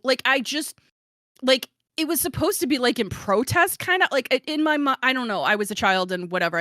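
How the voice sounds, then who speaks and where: A woman's voice: medium pitch, sharp tone, no room sound. A woman podcast host chats casually, giggling and running herself down, with plenty of filler words. Her voice sits close and dry on the mic, with no room sound around it. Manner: chatty, giggly, self-deprecating, lots of fillers. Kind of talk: casual chat.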